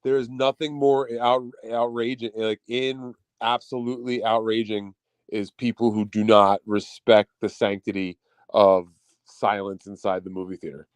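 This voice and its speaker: A man's voice: fairly low pitch, flat delivery, normal speed, smooth, no room sound. Rambling, swearing male podcast co-host. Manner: rambling storyteller, swears freely, acts out quotes. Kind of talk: casual chat.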